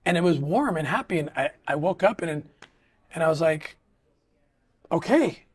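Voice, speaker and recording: A middle-aged man, a guest in a casual interview, speaks earnestly but haltingly, often restarting his sentences. His voice is on the high side and husky.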